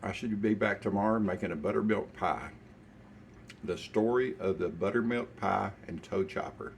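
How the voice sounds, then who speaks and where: Gravelly older Southern man, folksy and low. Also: slight background noise. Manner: folksy, unhurried, talks while eating. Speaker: cooking show host. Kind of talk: casual cooking chat.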